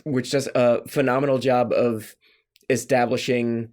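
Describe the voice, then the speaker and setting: Male podcast co-host, casual and animated, acts out scenes as he talks. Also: medium pitch, unhurried. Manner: animated, acts out quoted lines in a raised voice. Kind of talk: casual film discussion.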